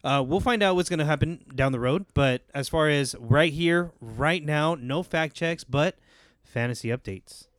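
A man's voice: on the high side, moderate pace, fairly bright tone, no room sound. A man hosting a sports podcast, joking and laughing in casual chat. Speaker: podcast host.

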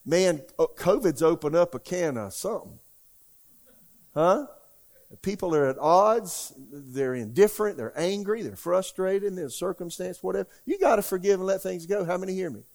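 A man's voice: high-pitched, animated, moderate pace, darkish tone. Older guy preaching to his church, punchy, keeps asking the room questions. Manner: folksy, emphatic preaching with questions to the congregation. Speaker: pastor. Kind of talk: sermon.

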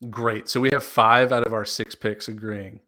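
A man co-hosting a casual sports podcast, talking through his picks in a relaxed way with plenty of fillers. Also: lowish voice, moderate pace. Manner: relaxed, thinks aloud with fillers. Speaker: podcast co-host.

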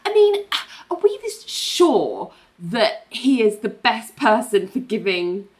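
A woman's voice: fairly high pitch, sing-song, slow pace. A woman co-hosting a podcast, animatedly retelling a show and acting out its characters' lines. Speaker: podcast co-host recapping a show. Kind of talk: casual chat.

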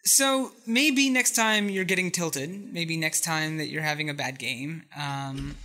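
Excitable podcast cohost, crisp bright voice, keeps restarting sentences. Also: medium pitch, measured pace. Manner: excitable, laughs often, rambles with restarts. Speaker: podcast co-host. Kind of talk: casual podcast chat.

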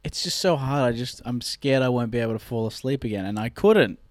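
A man co-hosting a comedy podcast, trading deadpan, playful banter. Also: medium pitch, brisk, no room sound, clean studio sound. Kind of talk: casual podcast chat.

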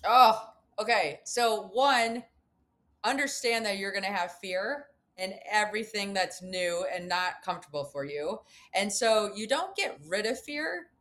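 A woman's voice: mid-range voice, lively intonation, unhurried, a bit bright. A woman guest on a podcast interview, telling a personal climbing story and acting out her own reactions.

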